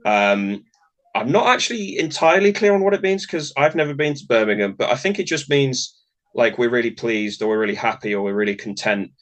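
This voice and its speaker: A man's voice: medium pitch, expressive, fairly quick, fairly bright tone. A man co-hosting a podcast, rambling in a friendly way and laughing often. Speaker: podcast co-host. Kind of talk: casual podcast discussion.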